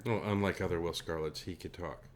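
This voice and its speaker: A man's voice: sits low, fairly even intonation, brisk, slight background noise. A young adult man co-hosting a casual movie podcast, wry and joking. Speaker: podcast co-host. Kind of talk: casual chat.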